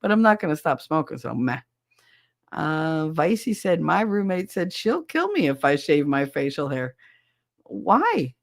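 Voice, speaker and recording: A woman hosts a podcast and chats casually with listeners, reading their messages, speaking bluntly, and swearing freely. Her low-pitched voice has vocal fry and a sing-song lilt at a measured pace, in a dry, studio-quality recording.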